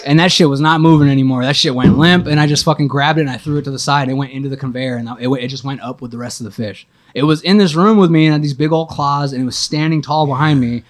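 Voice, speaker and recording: A young man on a podcast, telling a long story in a casual, animated, profane way and acting out what he thought at the time. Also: mid-range voice, fast. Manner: animated, profane storytelling with acted-out inner voices. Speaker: podcast guest.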